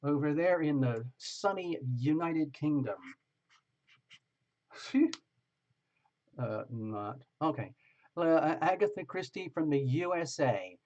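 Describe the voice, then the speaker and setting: A man's voice: fairly high pitch, expressive, takes it slowly, long pauses, darkish tone, dull audio. Chatty man hosting a live tarot stream. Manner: chatty, greets viewers by name, laughs often. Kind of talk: casual live-stream chat.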